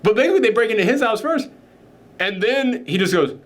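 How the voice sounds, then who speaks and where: A man with a slightly high voice chatting casually through a film review. He talks in a candid, opinionated way. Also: lively intonation, brisk. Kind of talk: casual movie review chat.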